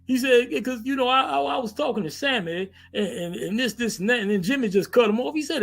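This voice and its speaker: A man hosting a casual, animated wrestling recap, stammering and repeating himself as he talks. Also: extremely high pitch, quick pace, vocal fry, few pauses, faint music behind. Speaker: wrestling commentary host.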